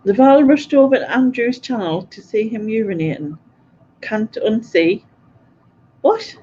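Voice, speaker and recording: Here the host's voice sits fairly high and has a dark tone, and she speaks unhurriedly. She stays chatty as she reads comments from her live audience, laughing a lot. There's a little background noise over the muffled, lo-fi stream sound.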